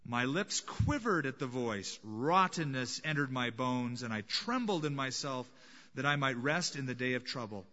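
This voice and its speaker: A male pastor preaching a sermon in a dramatic manner, dropping to a hush and then rising to emphatic points. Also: medium pitch, lively intonation, moderate pace, in a large hall, dull audio. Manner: dramatic, swings between hushed and emphatic.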